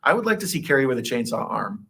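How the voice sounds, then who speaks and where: A man co-hosting a casual livestream, reading viewers' comments aloud and riffing on them. His voice sits at a middle pitch and often leaps up when he jokes. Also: sing-song, vocal fry, sharp tone, breathy edge. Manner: jokey, reads comments aloud, quick laughs and pitch jumps. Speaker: co-host reading live chat.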